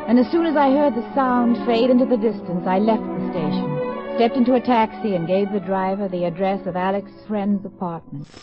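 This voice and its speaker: A woman's voice: mid-range voice, moderate pace, hardly any pauses, lightly acted. An actress playing a troubled married woman in a secret love affair, in refined, emotional 1950s radio drama style. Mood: wistful narration. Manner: earnest, emotional, refined delivery. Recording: dull vintage radio recording with music.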